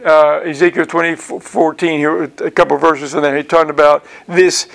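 A man's voice: a little high, level tone, moderate pace, vocal fry. A man teaching through a Bible passage verse by verse in a conversational way, repeating words and using many fillers.

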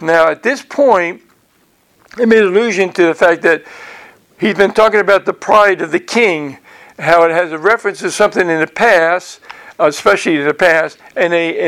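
A man's voice: high voice, creaky, a bit bright. A man teaching through a Bible passage verse by verse in a conversational way, repeating words and using many fillers.

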